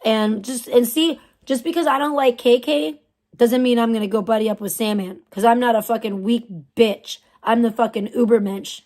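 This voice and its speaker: Young woman streamer going off, swearing nonstop, kinda high voice, totally scornful. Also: steady tone, normal speed, a little mellow. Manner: profane, scornful ranting. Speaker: livestream host. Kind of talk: ranting livestream chat.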